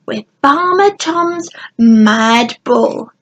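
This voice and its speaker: A woman reading aloud voicing a brave, eager young girl, with a slightly husky, fairly high voice. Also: lively intonation, very slow, a bit bright, heavily acted. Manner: eager, whispering at times.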